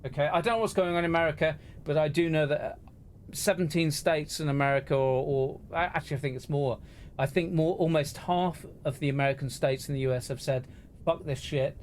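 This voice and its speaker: A man's voice: fairly high pitch, fairly even intonation, quick pace, slight background noise. Impassioned man ranting on a livestream. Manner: impassioned, swearing, repetitive. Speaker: DJ talking to livestream viewers. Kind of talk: emotional livestream rant.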